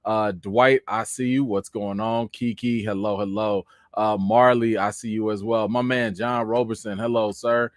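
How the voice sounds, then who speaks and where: A man hosting a casual live stream, giving quick shout-outs to viewers and rising into high, exasperated rants. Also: fairly even intonation, dry recording, clean studio sound. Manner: rises into high, exasperated ranting.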